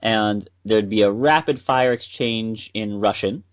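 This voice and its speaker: A man's voice: lowish voice, measured pace, muffled recording. A man co-hosting a podcast, chatting and explaining at length. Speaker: podcast co-host. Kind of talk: casual podcast chat.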